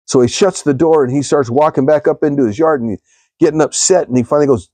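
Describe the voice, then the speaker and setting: Brief: man, devotional live streamer, rambling storyteller, mellow voice, dry close sound. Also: a little high, fast, no room sound. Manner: rambling storytelling, addresses viewers.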